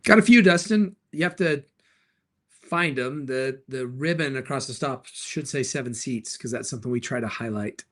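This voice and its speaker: On his live stream, a middle-aged man who's also a car dealer jokes his way through viewer questions, answering the chat quickly and cheerfully. His voice is mid-range with a fairly bright tone.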